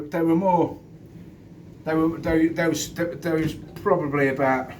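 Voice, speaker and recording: A middle-aged man, a former doorman, tells a street-fight story in a blunt, sweary, stop-start way, outdoors in the wind. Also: mid-range voice. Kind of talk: casual storytelling to camera. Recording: distant mic with wind noise.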